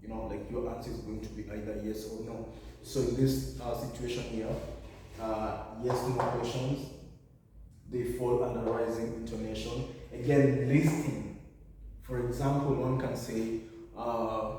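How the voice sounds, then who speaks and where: A man's voice: mid-range voice, flat delivery, a little slow, warm tone, slight background noise. A man giving a revision lesson, explaining step by step and often correcting himself. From Kenya. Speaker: teacher. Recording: echoey room, far from mic.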